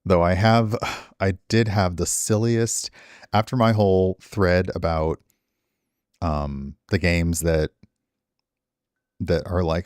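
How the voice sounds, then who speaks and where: A man's voice: deep voice, steady tone, takes it slowly, long pauses, clear, resonant tone, dry recording, clean studio sound. A middle-aged man streaming, chatting with viewers in a rambling, self-deprecating way. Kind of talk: casual stream chat.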